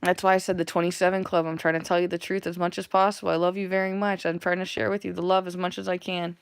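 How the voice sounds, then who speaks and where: A woman's voice: lowish voice, level tone, fast, smooth, no room sound. A woman channeling spiritual messages in a rambling, earnest monologue to her viewers, full of wordplay.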